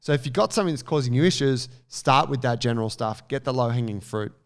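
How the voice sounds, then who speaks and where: A man co-hosting a casual podcast. He talks in a relaxed, measured way and keeps his advice practical and down to earth. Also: mid-range voice. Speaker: podcast co-host. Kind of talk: casual podcast chat giving training advice.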